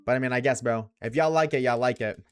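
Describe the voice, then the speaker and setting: A man's voice: mid-range voice, fast talker, smooth. A young man live-streaming, chatting casually with his chat, slangy and swearing often.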